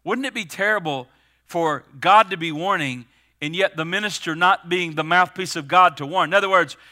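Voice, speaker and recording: A middle-aged man preaching a sermon as pastor, stressing words with slowed, emphatic pauses. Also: high-pitched, sharp tone.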